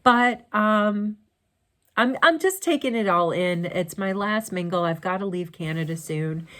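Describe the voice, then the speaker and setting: A woman's voice: mid-range voice, a little slow, a bit bright. A middle-aged woman chatting casually and rambling as a beauty vlogger, recording in her home basement. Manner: chatty, rambling, laughs often. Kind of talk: casual chat.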